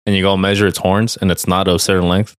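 Low, relaxed male co-host with a dry close-mic sound and a loose, profane delivery. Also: fast talker, dry recording. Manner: laid-back, swears a lot, rambling asides. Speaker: podcast co-host. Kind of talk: casual chat.

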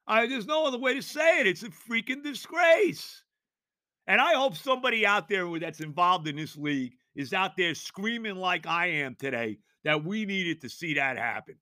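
An exasperated man rants through a sports talk segment, tripping over his words and now and then erupting into shouts. His voice is high and piercingly bright, with big swings in pitch. It sounds close and dry, with no room echo. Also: animated, normal speed. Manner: exasperated, ranting, stammering restarts, bursts of shouting.

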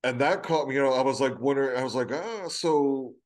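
A man's voice: mid-range voice, steady tone, rapid-fire. A man talking casually about wrestling, thinking aloud with hesitant fillers. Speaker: podcast co-host.

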